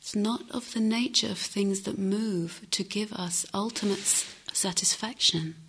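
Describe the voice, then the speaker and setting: A middle-aged woman meditation teacher giving a gentle, reflective dharma talk with unhurried pauses. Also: medium pitch, a little hiss or hum.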